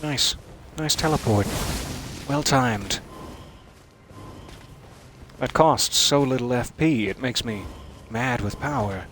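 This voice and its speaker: A man's voice: mid-range voice, slow, pauses often, background noise. A man giving live gameplay commentary, wry and musing, chatting to the enemies he fights. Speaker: streamer playing a video game.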